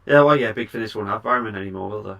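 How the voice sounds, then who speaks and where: Low gravelly hesitant man. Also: racing, sharp tone. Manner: hesitant, mumbling. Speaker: podcast co-host. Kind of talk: casual chat.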